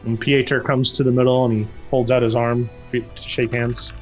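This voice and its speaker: A man narrating a tabletop game as game master, who breaks into loud, high voices for the characters. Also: moderate pace, faint music behind. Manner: lively, acts out characters with loud jumps in pitch.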